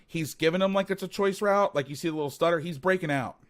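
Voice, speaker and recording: A man's voice: on the high side, quick pace. A man hosting a football film breakdown, talking casually and animatedly, swearing, rambling with restarts.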